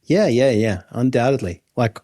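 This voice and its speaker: A man's voice: medium pitch, animated, moderate pace, dark tone, no room sound. Australian male podcast co-host in his thirties, dry close sound, loose musing delivery. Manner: musing, rambling with restarts. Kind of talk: casual chat.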